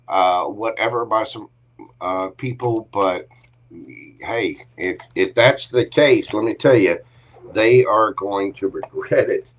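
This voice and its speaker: Male tarot reader hosting a livestream, low-pitched, chatty and affectionate with his audience. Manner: chatty, affectionate, greets viewers with pet names. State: briefly coughing and choked up. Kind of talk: casual livestream tarot reading.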